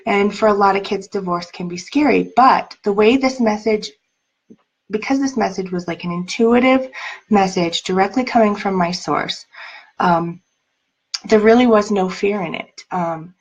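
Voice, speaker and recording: A woman's voice: mid-range voice, normal speed, husky, muffled recording. A woman life coach telling personal stories in a casual teaching talk, chatty and full of "like" and "um", laughing lightly now and then.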